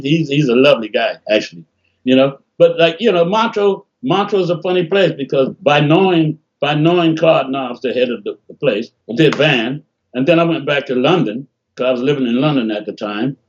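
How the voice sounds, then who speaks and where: A man's voice: a little high, brisk, a little hiss or hum. Older man telling road stories on a video call. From Detroit. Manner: animated, laughing storyteller, acts out quotes. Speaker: interview guest, bassist. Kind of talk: casual storytelling interview. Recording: dull lo-fi call audio.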